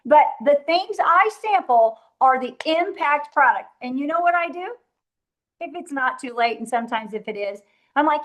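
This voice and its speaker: A woman with a high voice runs a motivational sales training. She talks in an emphatic, direct way to her group and drops into a softer voice to act out her own pitches. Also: lively intonation, moderate pace.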